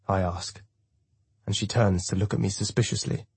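Low husky male audiobook narrator. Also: fairly even intonation, normal speed, darkish tone, no room sound. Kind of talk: first-person audiobook narration.

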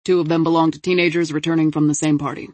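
A woman's voice: low voice, level tone, very fast, darkish tone, no echo. A woman voicing a male detective briefing his team in a matter-of-fact tone. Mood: businesslike. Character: male detective reporting case findings.

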